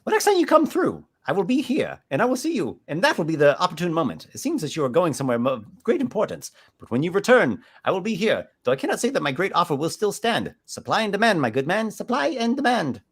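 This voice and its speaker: A grandiose, wheedling shop merchant voiced by a man pushes his wares with an animated, swinging pitch. He flatters every buyer and never stops the pitch. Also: quick pace, hardly any pauses, husky, exaggerated voice. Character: pushy male gnome shell merchant, flattering.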